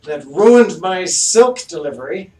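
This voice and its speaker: A man's voice: high voice, expressive, measured pace, darkish tone, pitched above the performer's own voice. Man putting on a pompous, indignant rich mayor. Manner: haughty, indignant. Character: pompous opulent male mayor, haughty. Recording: echoey room, distant mic, faint noise.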